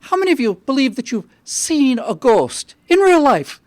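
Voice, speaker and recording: A man's voice: very high voice, very animated, no room sound, pitched above the performer's own voice. Man putting on an indignant Irish priest. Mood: scandalized. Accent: Irish, put on. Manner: preachy, indignant, drawn-out sermon delivery. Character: stern young male Irish priest scolding his flock.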